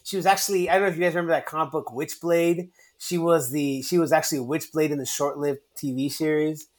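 A man's voice: fairly high pitch, steady tone, fast. A man hosting a casual movie podcast, rambling and joking, often repeating his words. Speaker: podcast host.

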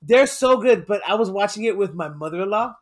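A man's voice: sits high, lively intonation, fairly quick. A man co-hosting a casual podcast chat, telling stories animatedly, laughing often and swearing casually.

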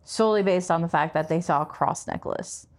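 A woman's voice: lowish voice, a little fast. Easygoing teasing woman co-host. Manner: easygoing, teasing, laughs often. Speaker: podcast co-host. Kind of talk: casual chat.

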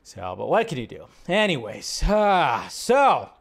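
A man's voice: unhurried, creaky. A man hosting a live film news stream, talking casually and rambling with lots of fillers, his voice jumping up when he makes a point. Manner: chatty, rambling, filler-heavy; animated, pitch jumps up when making a point.

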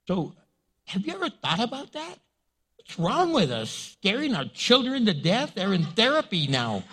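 Pastor guy preaching, animated and jokey, kinda high voice. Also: normal speed, husky. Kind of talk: sermon.

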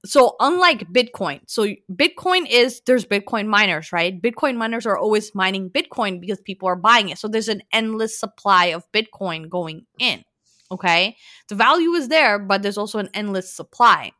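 A woman hosting a casual podcast, animated and talking straight to her listeners about the news. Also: medium pitch, normal speed, dry recording, clean studio sound. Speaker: podcast host presenting news. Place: lives in New York.

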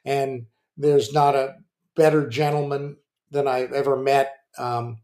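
An older man, a former pitcher and coach, telling rambling stories on a podcast with plenty of restarts and fillers. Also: level tone, takes it slowly, a little mellow. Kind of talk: casual storytelling.

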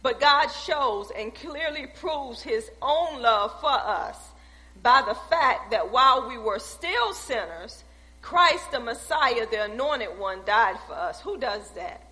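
Woman preaching, high bright voice, repeats her lines hard, big echoey church. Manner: emphatic, repetitive preaching cadence. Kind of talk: sermon. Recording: echoey hall.

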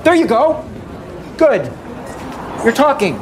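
A sarcastic customer , played by a man, drawls his order in a mocking put-on voice. His pitch swings about. The sketch clip carries a steady hum of background noise. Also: slow, exaggerated voice. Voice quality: affected drawl. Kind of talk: comedy sketch acting.

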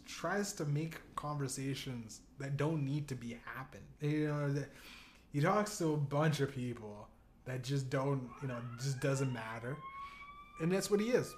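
A man's voice: a little high, measured pace, a little hiss or hum. A man hosting a podcast, telling a story in a loose, profane way, laughing often and acting out what his friends said. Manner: profane, laughing, animated storytelling with acted-out quotes. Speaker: podcast host. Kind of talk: casual storytelling.

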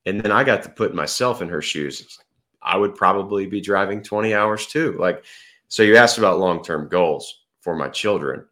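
A middle-aged man, a podcast guest, telling a relaxed story in casual chat. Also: low voice, normal speed. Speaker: podcast guest, former pro golfer.

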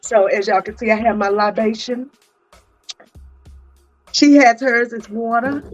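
An exuberant woman hosts a chatty live-stream interview. Her voice sits high, and the audio is dull and lo-fi. Faint music plays underneath. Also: a little slow. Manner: exuberant, chatty, greets viewers by name. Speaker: podcast host.

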